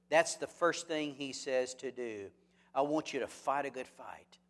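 A man preaching a lively sermon, throwing rhetorical questions at the congregation with joking asides. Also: mid-range voice, normal speed. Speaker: pastor. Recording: long hall reverb.

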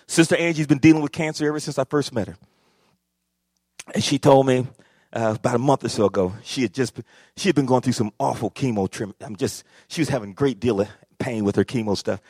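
A male pastor preaching a sermon, swinging from quiet talk to shouting and calling out to the congregation. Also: medium pitch, a little fast, breathy edge, no echo, clean studio sound. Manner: repeats phrases, calls out to congregation.

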